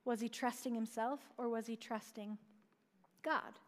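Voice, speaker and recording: A woman's voice: on the high side, fairly even intonation, unhurried. A woman preaching a sermon in a conversational way, asking rhetorical questions and dropping light asides. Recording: long hall reverb.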